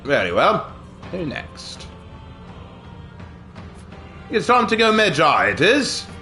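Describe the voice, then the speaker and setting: A man streams a game while hamming up a put-on British accent and chuckling at his own jokes. His voice sits high and swoops widely between phrases. The sound is bright, with faint game music behind him. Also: wildly swooping pitch, slow pace. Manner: chuckles often, jokey tags. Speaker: gaming streamer. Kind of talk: casual gameplay commentary.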